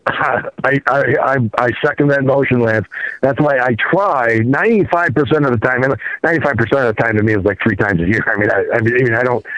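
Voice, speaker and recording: A man's voice: mid-range voice, fairly quick, fairly bright tone, dry recording, lo-fi sound. A man chatting crudely as a guest, stammering and restarting often. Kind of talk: crude casual chat.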